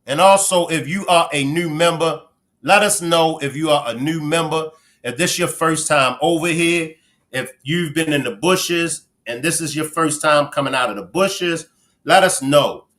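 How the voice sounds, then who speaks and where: A man from Baltimore with a Baltimore accent, hosting a casual livestream and chatting with viewers as he gives shout-outs. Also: a little high, moderate pace. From Baltimore, Maryland. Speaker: livestream host.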